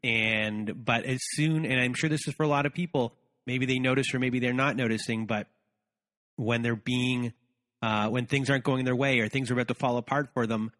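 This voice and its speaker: A man's voice: medium pitch, fairly even intonation, moderate pace, fairly bright tone, long reverb tail. A man hosting a podcast, responding thoughtfully and hunting for words with frequent restarts. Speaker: podcast host. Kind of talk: reflective conversation.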